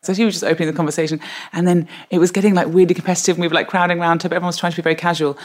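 A woman guest telling a comic anecdote in a lively, self-mocking way, often laughing. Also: on the low side, very fast. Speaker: podcast guest.

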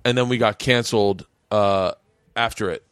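A middle-aged man hosting a podcast, telling a comic story in a lively, swearing, stage-comedian way. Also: on the low side, moderate pace, clean tone, no room sound, clean studio sound. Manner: lively, swearing, acts out the voices in his story. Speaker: podcast host.

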